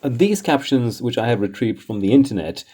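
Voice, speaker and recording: A man's voice: mid-range voice, animated, fairly quick, warm tone, breathy edge. A man hosting comics commentary in a casual, rambling way, exasperated and chuckling often.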